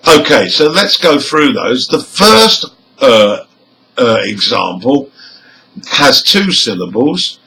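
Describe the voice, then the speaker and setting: Slow, deliberate male English teacher. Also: mid-range voice, sing-song, sharp tone, rough recording. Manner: reads example words one by one with stress clearly marked; nods his head up on stressed syllables. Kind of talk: slow, deliberate pronunciation lesson.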